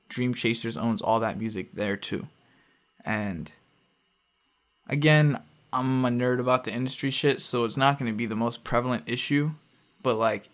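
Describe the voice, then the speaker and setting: A man's voice: mid-range voice, fairly bright tone. A man co-hosting a podcast in casual chat, talking animatedly and mocking others by mimicking their posts. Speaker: podcast co-host.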